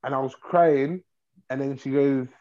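A young man telling a long story in a rambling, animated way, repeating himself. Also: mid-range voice, unhurried, muffled recording, a little hiss or hum. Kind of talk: casual storytelling.

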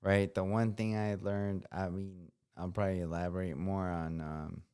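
A man's voice: sits low, level tone, moderate pace, a little mellow, smooth. A man telling his story candidly in casual conversation, with a profane, slangy and emphatic way of talking. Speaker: combat veteran guest.

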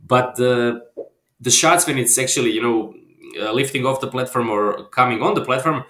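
Croatian-born guy chatting about his work, lots of restarts, trails off quiet, roomy echo. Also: medium pitch, normal speed. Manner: hesitant, restarts often, trails off softly. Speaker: filmmaker guest. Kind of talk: casual interview chat.

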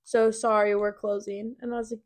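A woman's voice: medium pitch, flat delivery, fairly quick. A young woman in her twenties co-hosting a podcast, telling stories in a chatty way with lots of fillers. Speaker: podcast co-host. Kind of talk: casual chat.

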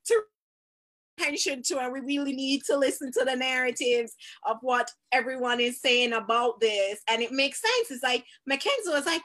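A middle-aged woman hosting a live discussion, animated and laughing often as she talks to parents and viewers. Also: high-pitched, moderate pace. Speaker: host.

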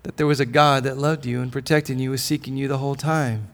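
A male pastor preaching a sermon, swinging between loud declarations and soft, close lines. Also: mid-range voice, fairly even intonation, a little fast.

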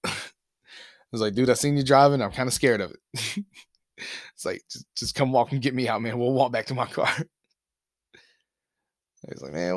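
A man's voice: medium pitch, no room sound, studio quality. Profane man telling a story. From Alabama, US. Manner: profane, animated anecdote-telling with laughs. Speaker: podcast host. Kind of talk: casual storytelling.

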